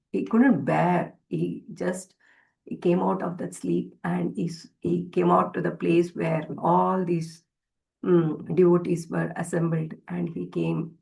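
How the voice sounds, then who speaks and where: A woman's voice: lowish voice, fairly even intonation, slow pace, vocal fry, a little mellow, low-quality recording. A woman teaching a devotional scripture class. She retells a story hesitantly, with many fillers and restarts.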